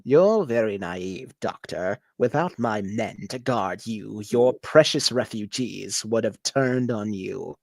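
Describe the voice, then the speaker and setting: A host voicing a greedy, menacing male warlord in a comic script read-through, speaking slowly and low with sudden shouts. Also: lively intonation, vocal fry, no echo, clean studio sound, exaggerated voice. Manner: slow, low, threatening delivery with shouted outbursts.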